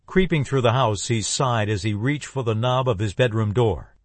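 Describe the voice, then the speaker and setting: A male narrator reads an audiobook in a steady, even manner. His voice is mid-pitched and sits dry and close to the mic. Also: moderate pace, no echo.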